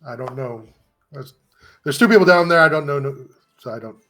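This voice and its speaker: A man's voice: medium pitch, a little fast, sharp tone, soft background music. A man playing a tabletop game, unsure of himself and working out his move aloud. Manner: unsure, thinks aloud and restarts. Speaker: player.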